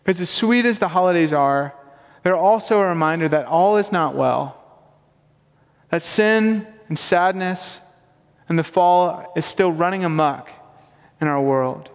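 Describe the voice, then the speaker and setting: High-voiced earnest preaching man. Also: moderate pace, clear, resonant tone, big-room sound. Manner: earnest, emphatic preaching with rising questions. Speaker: pastor. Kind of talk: sermon.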